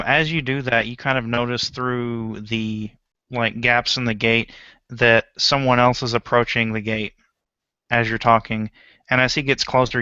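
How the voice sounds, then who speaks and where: Guy game master narrating, smooth clear voice, dull lo-fi sound. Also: mid-range voice, sharp tone, no echo.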